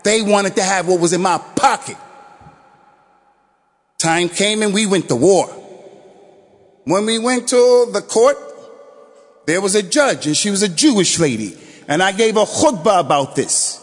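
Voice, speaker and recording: Animated preacher man in a reverberant hall. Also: high-pitched. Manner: animated storytelling, shouted exhortations, quick Quran recitation. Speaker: imam giving Friday sermon. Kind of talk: sermon. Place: mosque prayer hall.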